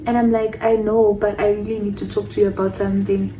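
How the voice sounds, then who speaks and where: A woman's voice: mid-range voice, level tone, fast, mellow, far from the mic, slight background noise, poor audio. A young woman telling a personal story in a casual storytime, rambling, repeating herself and stumbling over words. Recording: voice a bit off-mic.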